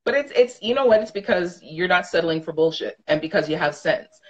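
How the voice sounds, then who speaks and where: A woman's voice: on the low side, lively intonation, brisk. A woman in her thirties co-hosting a podcast, talking frankly and emphatically, swearing freely in casual chat. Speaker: podcast co-host.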